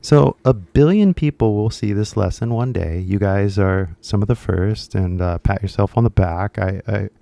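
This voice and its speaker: American male YouTuber teacher, young, dark mellow tone, rambling casual delivery. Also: on the low side, moderate pace, creaky, few pauses, dry recording. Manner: loose and chatty, fills with "like" and "right?". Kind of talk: casual rambling lesson to camera.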